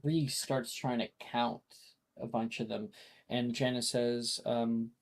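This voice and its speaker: Slow, halting game master on a call. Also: mid-range voice, little pitch movement. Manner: unhurried, filler-heavy narration. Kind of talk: narrating a tabletop game. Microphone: video call.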